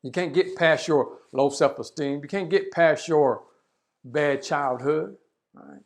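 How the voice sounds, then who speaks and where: A man's voice: a little high, slow pace. A man giving a leadership webinar talk, telling a parable and often checking in with "right?". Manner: storytelling, acts out voices, frequent "right?". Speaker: leadership speaker.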